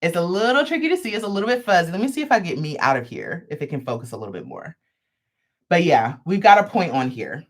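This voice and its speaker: A woman hosts a live crochet stream and talks through a product demo in a casual, chatty way. Her voice swoops up and down with lots of lively pitch movement. She drops playful, sassy asides as she goes. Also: quick pace. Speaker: host of a crochet livestream.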